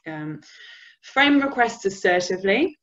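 A woman's voice: mid-range voice, lively intonation, measured pace, lo-fi sound. A woman from the UK giving a conversational business communication webinar, sometimes acting out example phrases. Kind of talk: webinar presentation.

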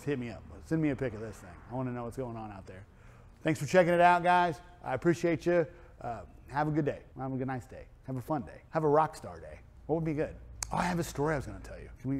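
A man's voice: fairly high pitch, a little mellow, big-room sound. A man who owns a car wrap and tint shop, telling a story in a casual vlog, rambling and full of fillers. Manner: rambling, filler-heavy chatty delivery.

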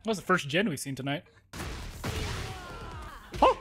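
A man telling a funny work story, then reacting loudly to a fighting game, laughing and swearing freely. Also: on the high side, animated, rapid-fire, soft background music. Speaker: gaming YouTuber. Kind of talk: storytelling and live gameplay commentary.

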